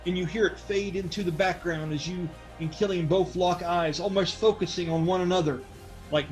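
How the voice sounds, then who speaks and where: A high-pitched man acts as game master for a tabletop game, describing the scene loosely and jokingly with plenty of fillers. His intonation stays fairly even at a normal speed, faint music plays behind him, and the audio quality is poor.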